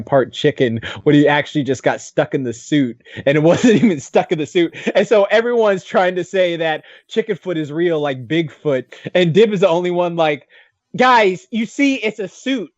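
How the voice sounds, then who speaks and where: A young man co-hosting a casual podcast, excitable, laughing often and acting out characters as he retells scenes. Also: fairly high pitch, fairly quick, hardly any pauses, no echo, highs cut off. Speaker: podcast co-host.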